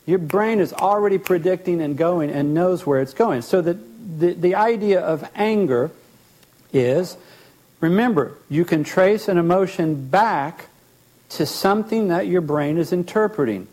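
A man teaching as a therapist, animated, often acting out short bits of dialogue and repeating words as he explains. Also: sits high, measured pace.

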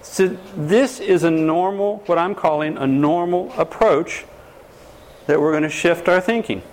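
A lively man lecturing as a counselor on a fairly high voice. He keeps turning questions on his audience and slips into voices of the people he quotes. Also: unhurried, a little hiss or hum. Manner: animated, acts out quoted voices, quizzes the audience.

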